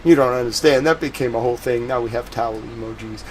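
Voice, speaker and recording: A man with a Boston accent, a live news streamer talking casually to his chat in a soft, drawling way with lively swoops in pitch. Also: fast talker, a little hiss or hum, poor audio. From New England.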